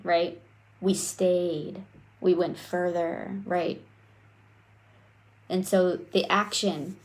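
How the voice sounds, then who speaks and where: A young adult woman giving a live coaching talk on self-worth, speaking straight to her viewers in a lively, conversational way. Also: on the low side. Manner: animated, conversational, addresses viewers directly.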